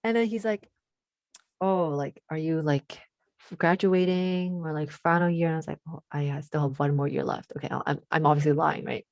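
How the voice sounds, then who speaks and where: A teenage girl with a deep voice, chatting casually as a podcast co-host and telling a story, full of fillers and switching into Cantonese now and then. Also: normal speed, vocal fry, darkish tone, dry recording. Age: teens. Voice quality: deep voice for a woman.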